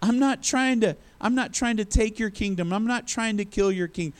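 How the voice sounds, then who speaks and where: A male preacher acting out a young man who shouts up high, pleading that he is innocent. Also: normal speed, clear, resonant tone, close to an everyday voice. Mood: pleading, defiant. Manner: loud, raised, pleading. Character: young man shouting a defiant plea across a valley.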